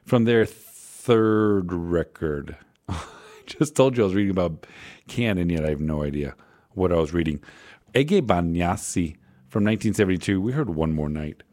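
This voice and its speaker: Deep-voiced rambling radio DJ man. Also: lively intonation, moderate pace, a little mellow. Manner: rambling, self-correcting, wry. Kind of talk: casual radio back-announcing.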